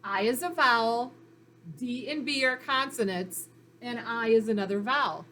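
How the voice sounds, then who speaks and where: A woman's voice: on the high side, normal speed, bright, forceful tone, a little hiss or hum. A woman teaching a phonics lesson to young children, sounding out letters and syllables in a patient, encouraging way. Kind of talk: recorded reading lesson for children.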